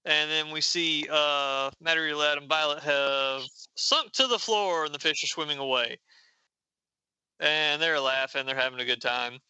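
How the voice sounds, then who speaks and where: A man's voice: a little high, normal speed, bright, forceful tone, smooth, no room sound, highs cut off. A man casually recapping a comic book issue, reading the characters' lines aloud in playful raised voices.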